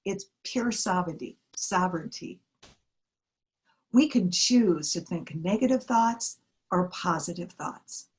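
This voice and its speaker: A woman's voice: lowish voice, lively intonation, unhurried. Middle-aged woman minister giving a sermon. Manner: earnest, storytelling with acted-out quotes.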